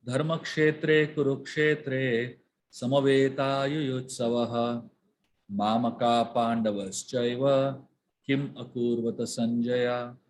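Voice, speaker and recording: A man giving a spiritual lecture on scripture, speaking emphatically and slowing down to chant verses. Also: medium pitch. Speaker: spiritual teacher.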